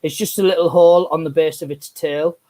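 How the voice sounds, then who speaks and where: A man's voice: on the high side, steady tone, brisk, warm tone. A man, chatting and telling sweary stories as co-host of a live stream on an earphone mic. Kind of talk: casual chat.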